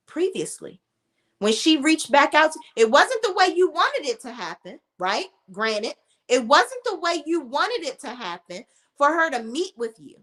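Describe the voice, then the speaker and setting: A woman's voice: high voice, fairly bright tone. A woman giving a casual, sassy reaction commentary, emphatic and full of profanity. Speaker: reality TV commentator.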